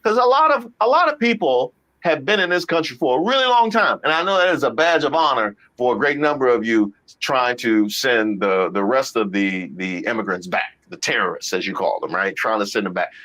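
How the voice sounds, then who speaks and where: Woman commentary host, animated delivery with bright forceful edge, emphatic repetition. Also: extremely low pitch, brisk, hardly any pauses. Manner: emphatic, repeats phrases, talks to viewers. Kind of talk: reaction commentary on viral clips.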